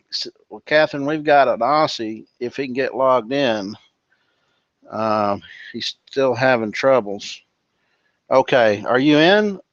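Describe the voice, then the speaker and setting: A man's voice: mid-range voice, no echo, muffled recording. Chummy man casually greeting viewers online. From from California. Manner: relaxed and chummy, calls people brother and dude. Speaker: webinar host. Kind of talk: casual live-stream chat reading out viewer greetings.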